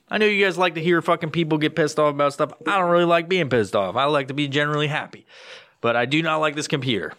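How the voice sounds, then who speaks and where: This profane solo podcast rant comes from a young host speaking into a home podcast microphone with headphones, swearing almost every line and circling back mid-thought. He talks at a typical middle pitch for a man, shooting up high and excited when quoting himself, in a dry, clean studio recording.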